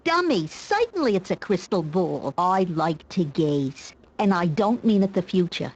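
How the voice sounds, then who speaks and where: A man's voice: high-pitched, very animated, unhurried, breathy edge, dull audio, pitched above the performer's own voice, full character voice. A man voicing an old female gypsy fortune teller, a nagging, sarcastic grandmother with a mock Yiddish accent, for a video game playthrough. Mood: kvetching. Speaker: streamer voicing game characters.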